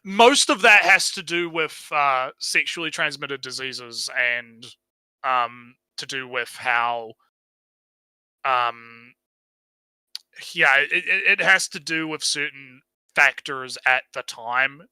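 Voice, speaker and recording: A man's voice: mid-range voice, takes it slowly, bright, forceful tone, clear, resonant tone, dry recording, low-quality recording. A man with a New Zealand accent chatting casually on a stream, rambling, swearing and laughing as he talks. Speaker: podcast co-host.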